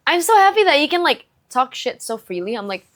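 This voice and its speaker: A young woman guest whose first language is English, chatting casually and mixing in Indonesian, expressive and quick to laugh. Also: sits high. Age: young adult. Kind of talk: casual chat.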